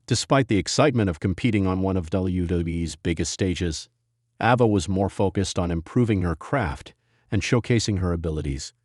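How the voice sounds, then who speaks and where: A man reading a dramatic written story as narrator, in an even storytelling manner. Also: low-pitched, breathy edge, no echo, studio quality.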